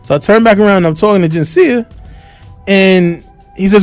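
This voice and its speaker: Animated man telling a story on radio. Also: sits high, normal speed, faint music behind. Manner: animated storyteller, acts out shouted quotes. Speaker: radio show host. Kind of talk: casual storytelling on a radio talk show. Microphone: studio microphone.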